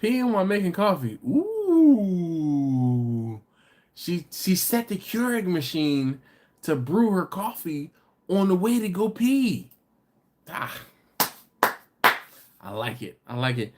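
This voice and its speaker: A man's voice: high voice, very animated, dark tone. A man hosting a casual livestream, reading viewer comments aloud and joking with them. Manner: joking, teasing, chatty, quick laughs. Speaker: livestream host.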